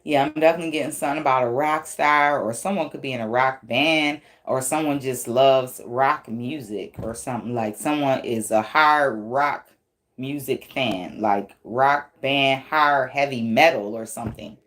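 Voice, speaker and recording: A woman's voice: rumbling low, normal speed, fairly bright tone. A woman giving a casual tarot reading, blunt and profane, laughing often as she talks. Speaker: tarot reader.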